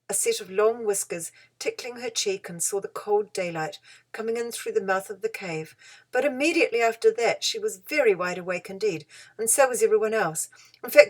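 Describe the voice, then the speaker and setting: A woman reading a children's story aloud as narrator, gentle and expressive. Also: medium pitch. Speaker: audiobook reader.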